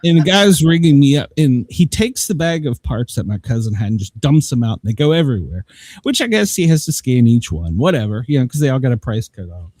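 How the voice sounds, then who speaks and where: Guy rambling thru a story, laughs a lot, lively up and down voice, kinda husky, dry sound. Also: mid-range voice, fairly quick, no room sound. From Southern United States. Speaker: show host. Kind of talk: casual storytelling chat.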